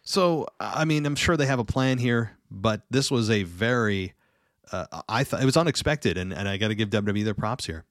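A man's voice: fairly low pitch, expressive, normal speed, no room sound, studio quality. A man giving opinionated, rambling commentary in a casual review, often restarting his sentences. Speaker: wrestling show reviewer.

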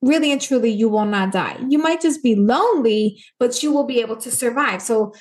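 Earnest Puerto Rican author, emphatic. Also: female voice, a little high, a little fast, a little mellow. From Puerto Rico. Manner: earnest, emphatic, acts out quoted voices. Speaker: author and guest. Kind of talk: casual interview conversation.

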